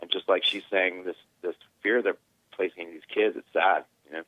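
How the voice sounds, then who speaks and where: A man's voice: deep voice, steady tone, a little fast, no echo. A man calling in to a talk show, earnest and rambling in long run-on sentences. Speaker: caller. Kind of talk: phone-in opinion. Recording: tinny phone line.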